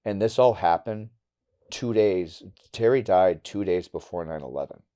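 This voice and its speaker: A middle-aged man from Wisconsin, a podcast guest telling a personal story candidly and bluntly, going quiet and halting on hard memories. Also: low voice. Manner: candid and blunt, with casual swearing.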